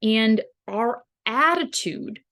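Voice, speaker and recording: A woman's voice: fairly high pitch, expressive, slow, sharp tone. A woman hosting a wellness podcast as a dietitian, explaining ideas in a casual, conversational way with everyday examples. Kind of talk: casual teaching monologue.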